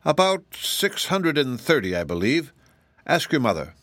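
A man's voice: a little high, big pitch swings, measured pace, a bit bright, no echo. A man voicing a huge old father dragon who scolds impatiently and talks down to others. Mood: chiding. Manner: chiding and pompous.

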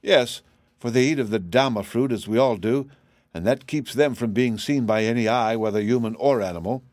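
A man's voice: mid-range voice, moderate pace, a little mellow, no echo, close to an everyday voice. An invisible man answers plainly in a storybook, voiced by a man reading the book. His manner is matter-of-fact and his sound dry and close. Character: invisible man, guarded then friendly. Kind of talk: audiobook character reading.

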